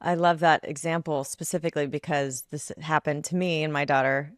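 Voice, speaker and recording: Woman host and mother, deep, dry and close to the mic, easygoing interview chat. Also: steady tone, brisk, no room sound. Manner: casual, many "like" and "um" fillers. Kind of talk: conversational interview.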